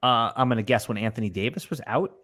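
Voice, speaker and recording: A relaxed man co-hosting a casual sports podcast, enthusiastic and quick to agree. His voice sits in a middle pitch. It sounds dry and close to the mic. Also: no room sound. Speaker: podcast co-host. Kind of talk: casual fantasy sports chat.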